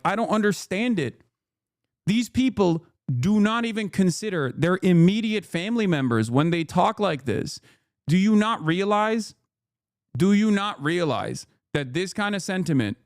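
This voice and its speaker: A man in his thirties streams political reaction commentary, ranting in emphatic, profane, incredulous bursts. His voice is high, and the sound is clean studio audio with no echo.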